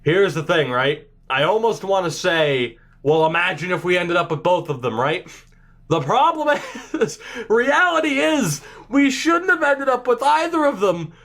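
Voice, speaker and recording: A man commentating on a hockey video game, stunned and overexcited, swearing and laughing, his voice jumping high and refusing to come down. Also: very animated, unhurried, fairly bright tone. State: overexcited, voice raised. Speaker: gaming YouTuber. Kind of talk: excited gameplay commentary.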